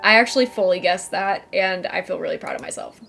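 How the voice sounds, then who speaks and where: A woman's voice: on the low side, fast, gravelly. Playful woman streamer reading a game. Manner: animated, playful. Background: game music.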